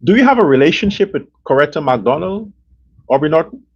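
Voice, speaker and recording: Angry guy on a politics show, high raspy voice, dull muffled audio. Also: sing-song, fairly quick. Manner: heated, profane, repetitive. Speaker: political commentary show host.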